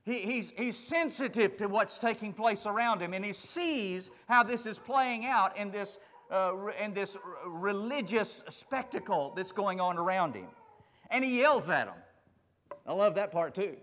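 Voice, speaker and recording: High-voiced preacher in an echoing hall. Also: male voice, animated, normal speed, fairly bright tone. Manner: emphatic preaching with building repetition. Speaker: pastor. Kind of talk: sermon.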